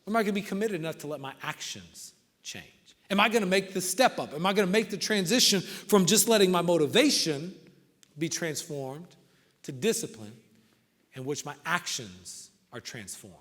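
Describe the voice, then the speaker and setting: A man giving a humorous, animated motivational talk, telling a story and often checking in with the audience. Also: high voice, normal speed. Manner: animated, keeps asking the crowd "right?". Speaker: motivational speaker. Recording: long reverb of a large hall.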